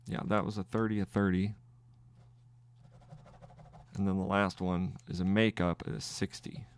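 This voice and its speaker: A man hosting a trading show talks his way through his trades live, faltering and beginning again as he totals wins and losses. He has a low, smooth voice that shows little pitch movement.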